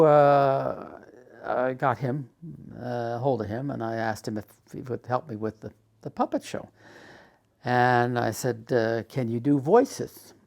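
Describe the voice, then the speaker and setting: Older man with a gravelly voice. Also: mid-range voice. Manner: animated retelling, acts out quotes; halting, frequent uhs. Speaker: documentary subject. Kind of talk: personal storytelling.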